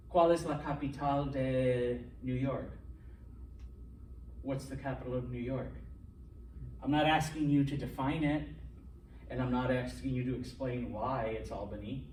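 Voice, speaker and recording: A somewhat high-voiced man lecturing a class with lively energy, constantly pausing to check his students are following. He is picked up from across an echoey classroom, with faint room noise behind him. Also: far from the mic. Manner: animated, keeps checking in with the class. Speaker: Spanish teacher.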